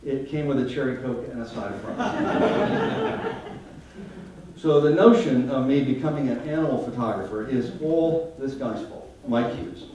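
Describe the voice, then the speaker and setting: This man, a photographer, jokes at his own expense in a wry stage talk to a live audience in a large hall. His voice is mid-range and somewhat dark, recorded from a distance in the echoing space with slight background noise.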